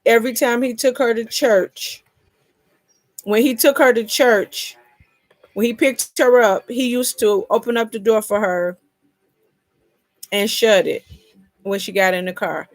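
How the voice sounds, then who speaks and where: A woman in her fifties hosting a relaxed live chat, her voice in a middling register and sounding close and dry. She tells colloquial stories in a chatty way and often breaks into laughter. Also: mid-range voice, unhurried, long pauses, dry recording. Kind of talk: casual live-stream chat.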